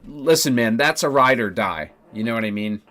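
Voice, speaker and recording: A man's voice: mid-range voice, lively intonation, normal speed, a bit bright. A man telling a story to his stream chat, ranting with heavy profanity and emphatic repeats. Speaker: Twitch streamer.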